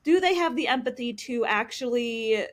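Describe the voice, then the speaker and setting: A woman with a high voice talks casually as a counselor on a podcast. She explains things with little acted-out examples and plenty of "um"s and "like"s. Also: animated, moderate pace. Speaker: licensed professional counselor, podcast guest.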